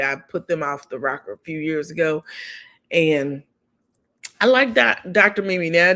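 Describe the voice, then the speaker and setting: A woman's voice: sits low, a bit bright. A woman reviewing a reality TV episode in a casual recap, talking loosely with frequent fillers and restarts.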